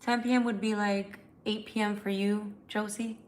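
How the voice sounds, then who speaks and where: A woman's voice: mid-range voice, little pitch movement, normal speed, a little mellow, slight background noise. A tired woman who reads tarot, chatting candidly and emotionally with viewers on a livestream, swearing casually. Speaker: tarot reader.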